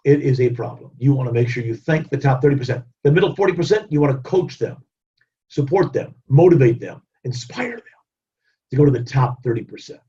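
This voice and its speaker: A man giving a keynote motivational leadership webinar talk, energetic, running through repeated lists and acting out what people say. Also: mid-range voice, fairly quick. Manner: energetic, repetitive lists, acts out quotes. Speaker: keynote speaker. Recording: dull lo-fi webinar audio.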